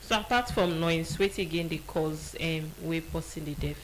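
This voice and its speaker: A woman's voice: deep voice, normal speed, slight background noise, poor audio. A woman with a Sierra Leonean Krio accent hosting a radio health show, introducing guests and prompting them with brief questions. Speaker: radio host. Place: radio studio.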